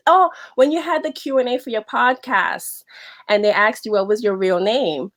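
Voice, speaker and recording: A woman from the Bronx with a New York accent, chatting excitedly as a podcast guest over a video call. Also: a little high, moderate pace. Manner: animated, excitable storyteller. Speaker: guest, wardrobe stylist. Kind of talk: casual chat.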